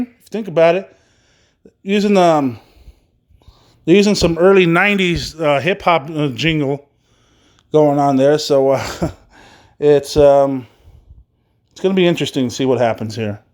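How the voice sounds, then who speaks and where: Rambling podcast host, a man with a fairly high voice. He runs through the news in a loose, casual way, full of "um"s and the odd curse word. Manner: rambling, loose, swears casually, many fillers.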